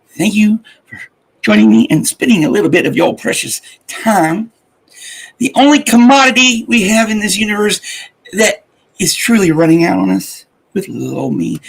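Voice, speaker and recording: A man hosting a morning live stream greets his chat in a high, bright, forceful voice, rambling, laughing and swearing as he chats away. The recording quality is low.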